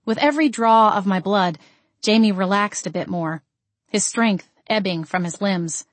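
A woman reading a first-person audiobook in a steady, expressive storytelling voice. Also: mid-range voice, normal speed, no echo. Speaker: audiobook narrator.

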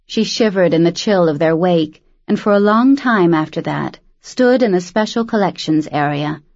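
A woman narrating a novel as an audiobook reader, with brisk, even, quietly tense delivery. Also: lowish voice, no echo. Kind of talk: scripted narration. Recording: dry, slightly dull recording.

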